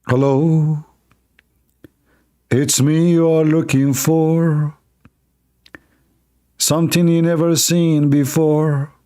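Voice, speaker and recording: A man's voice: a little high, little pitch movement, mellow, smooth. A man hosting a long live stream, reading aloud and mocking it with sarcastic asides and frequent laughter, his voice tired after hours of talking from a cold room at his computer. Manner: sarcastic, laughs often, slow and drawn out.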